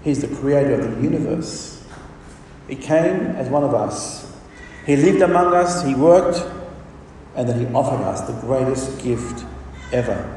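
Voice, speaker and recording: A man's voice: medium pitch, animated, a little slow, mellow, slight background noise. A man preaching a sermon with emphatic delivery and rhetorical questions. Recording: echoey hall from far off.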